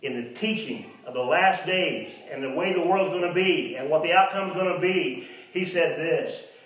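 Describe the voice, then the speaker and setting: A man's voice: moderate pace, a bit bright. Man, preacher, sermon, mocking asides, distant mic, echoey church hall. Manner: mocks imagined doubters in a high voice.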